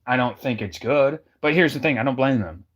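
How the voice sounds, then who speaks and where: A man's voice: mid-range voice, expressive, brisk. Emphatic man in casual chat. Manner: emphatic, repeats points for effect.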